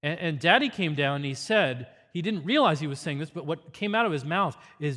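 A man's voice: fairly high pitch, expressive, fairly quick, few pauses, sharp tone, long reverb tail. A man giving an earnest, teacherly parenting seminar with a faith focus.

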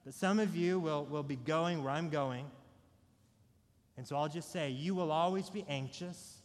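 A male pastor preaching a sermon, dynamic, swinging between soft intimate lines and loud emphatic ones, with repeated rhetorical questions. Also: a little high, unhurried. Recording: long hall reverb.

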